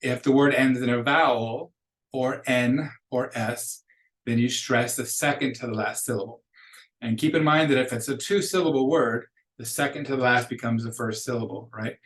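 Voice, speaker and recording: A man's voice: medium pitch, a bit bright, low-quality recording. Patient man teaching Spanish pronunciation. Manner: patient, models each word slowly then repeats it. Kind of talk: recorded classroom lecture.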